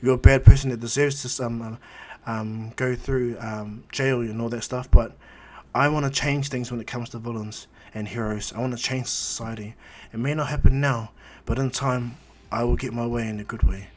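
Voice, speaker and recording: A man's voice: mid-range voice, steady tone, normal speed, close to an everyday voice. Young male hero, voiced by a man in his own voice, earnest and rambling.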